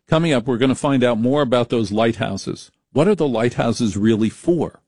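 A middle-aged man from the American Northeast hosting a late-night call-in radio show, blunt and sarcastic and quick to flare up. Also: medium pitch, darkish tone, breathy edge, no room sound, studio quality.

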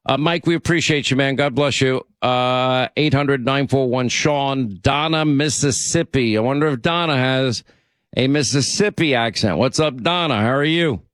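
A male radio host talks in a relaxed, rambling way, trading easy banter with callers. His voice sits in a middle pitch and sounds close and dry, with no room around it. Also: normal speed, no room sound. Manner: chatty, rambling and friendly with callers. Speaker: radio talk show host. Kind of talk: casual call-in radio chat.

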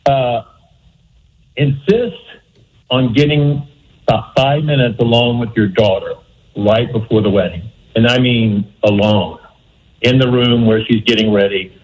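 A man's voice: medium pitch, steady tone, poor audio. Earnest male radio caller. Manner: earnest, unhurried advice-giving. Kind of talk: phone-in advice.

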